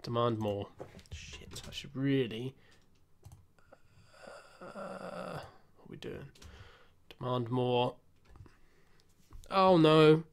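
A young man giving casual, self-mocking commentary while playing a football management game, muttering asides and breaking into excited outbursts. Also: medium pitch, very slow, creaky, long pauses. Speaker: gaming YouTuber.

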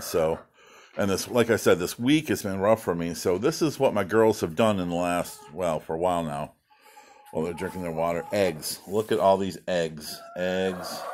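A man in his fifties, short of breath and coughing between sentences, rambles playfully to his hens outdoors. His voice sits low but swings widely in pitch. Faint clucking carries in behind him. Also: slight background noise. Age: 50s. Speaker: backyard chicken keeper. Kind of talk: casual vlog chat. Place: outdoors at a chicken coop. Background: hens clucking and roosters.

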